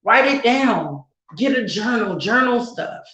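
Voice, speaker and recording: A woman's voice: fairly high pitch, lively intonation, a little slow, a bit bright. Earnest, fervent mother in echoey room. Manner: earnest, grows fervent and preachy, repeats words for emphasis. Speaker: co-host, mother. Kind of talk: casual heart-to-heart discussion.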